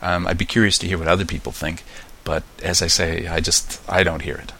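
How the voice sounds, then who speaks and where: Gravelly low-voiced American man, chatty. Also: fairly even intonation, brisk, pushed and bright, slight background noise. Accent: American with slight New Zealand mix. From United States. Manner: rambling, chatty, frequent ums and restarts. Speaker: podcast host. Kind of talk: casual podcast monologue.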